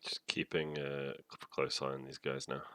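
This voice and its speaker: A man's voice: rumbling low, flat delivery, moderate pace, fairly bright tone, no room sound. A man playing a tabletop game, talking in a hesitant, rambling way. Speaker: player. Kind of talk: casual tabletop game chat.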